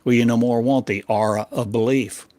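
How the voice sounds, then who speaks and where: A man delivering a channeled sermon as a spiritual teacher, declaiming rhetorical questions in short, broken phrases that swing between loud emphasis and quiet low drops. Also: fairly even intonation, normal speed, no echo.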